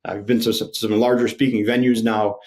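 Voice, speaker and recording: A man hosting a podcast, chatting casually and telling anecdotes in an animated, jokey way. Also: on the low side, a little fast. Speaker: podcast host.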